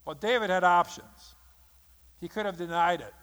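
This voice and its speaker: A man preaches a sermon in a fairly high voice. He tells the story with drama and acts out the lines of the people in it. His voice rings out in a hall with long reverb. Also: normal speed, fairly bright tone, smooth. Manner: dramatic storytelling, acting out quotes. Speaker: pastor.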